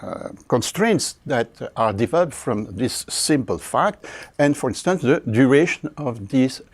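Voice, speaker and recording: An older man with a French accent delivers a university lecture on speech. His voice sits at an ordinary middle pitch. He talks haltingly, with many fillers and frequent throat clearing. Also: lively intonation. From France. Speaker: linguistics professor.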